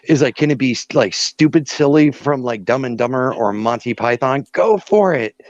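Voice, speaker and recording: A man's voice: medium pitch, animated, moderate pace. A man joking casually in an online voice chat, with many fillers. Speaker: participant on a live audio chat. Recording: dry, slightly dull audio.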